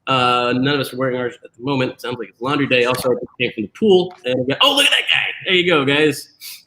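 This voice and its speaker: A man's voice: mid-range voice, expressive, fast, bright, forceful tone, a little hiss or hum, low-quality recording. A man hosting a casual live-stream chat over a video call, joking and ribbing his co-hosts. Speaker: host.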